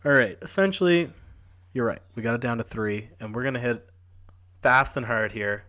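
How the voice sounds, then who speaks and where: A man's voice: mid-range voice, sharp tone. A man co-hosting a casual sports podcast, joking around and laughing often with his co-host. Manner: playful, laughs often, quick asides.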